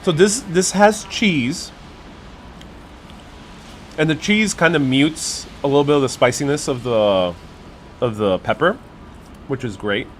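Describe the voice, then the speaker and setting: Relaxed man live-streaming a food tasting. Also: a little high, unhurried, pauses often, slight background noise. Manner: relaxed, thinking aloud with fillers and restarts. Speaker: live-stream city vlogger. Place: cafe in the city. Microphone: wireless clip-on mic.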